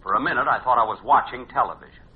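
Deadpan man on an old radio comedy. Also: mid-range voice, racing. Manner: deadpan comic timing, wry asides. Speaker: comedy show host and narrator. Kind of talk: 1950s radio comedy narration and sketch. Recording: tinny noisy old radio broadcast.

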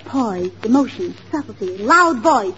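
A woman's voice: a little high, lively intonation, measured pace, fairly bright tone, a little hiss or hum. A woman doing scatterbrained, chirpy 1940s radio comedy acting. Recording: old lo-fi radio broadcast with studio audience.

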